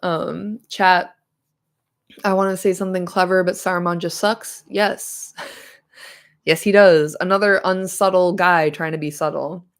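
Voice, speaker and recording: A woman's voice: lowish voice, fairly even intonation, moderate pace, clear, resonant tone. A woman with a slightly nasal voice reading a book aloud to a live chat, breaking off for chatty, joking asides. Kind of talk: casual read-along stream.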